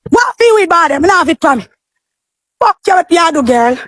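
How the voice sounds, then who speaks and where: A Jamaican woman with a very high, piercing voice delivers a heated, confrontational livestream rant. She is loud and profane, and she calls out and threatens her rivals. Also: sing-song, a little fast, no room sound, clean studio sound. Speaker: livestream host.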